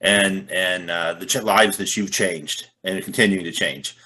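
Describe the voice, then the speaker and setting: A man co-hosting an interview, earnest and appreciative, speaking with some halting restarts. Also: low voice, fairly even intonation, bright, forceful tone. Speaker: co-host. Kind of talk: casual interview chat.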